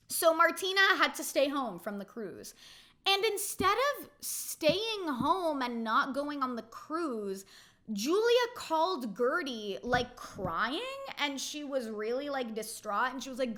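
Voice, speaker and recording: A woman in her twenties giving a casual, animated reality TV recap, full of rhetorical questions and "like" fillers. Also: sits high, slow pace. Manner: heavy use of "like" fillers. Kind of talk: casual chatty episode recap.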